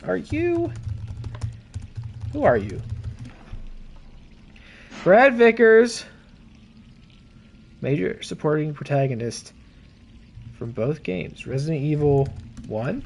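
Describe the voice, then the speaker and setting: A man's voice: moderate pace, vocal fry, slight background noise. A man doing casual let's-play commentary as a gaming streamer, joking around and reading in-game notes aloud. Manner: jokey, reads in-game notes aloud with lively pitch swings.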